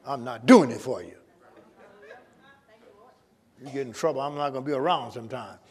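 A man's voice: medium pitch, moderate pace, in a large hall, noisy background. A male pastor preaching a sermon with emphatic call-and-response to his congregation, in a church sanctuary.

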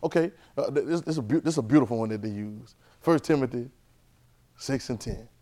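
A man teaching a church Bible class, lively and conversational, repeating phrases and asking the class questions. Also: medium pitch, a little fast.

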